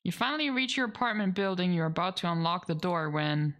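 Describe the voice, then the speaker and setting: Against a noisy background, a woman with a fairly low pitch talks fairly quickly while streaming a game. She reads out the narration for her let's play and reacts with laughter and casual swearing.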